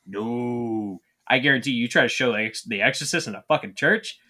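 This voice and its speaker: A man's voice: mid-range voice, normal speed, bright, forceful tone. A man co-hosting a podcast in casual chat, opinionated and swearing freely. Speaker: podcast co-host.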